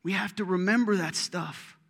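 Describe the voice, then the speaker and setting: A middle-aged male pastor with a fairly high voice, giving a sermon. His talk is loose and joking, and it swells into emphatic preaching. A long reverb trails off the walls of the church hall. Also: moderate pace, creaky, a bit bright. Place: church sanctuary.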